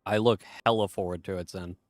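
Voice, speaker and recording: A man's voice: sits low, steady tone, brisk, dry recording, clean studio sound. A man streaming a game, chatting casually and reading chat aloud in a laid-back, profane way.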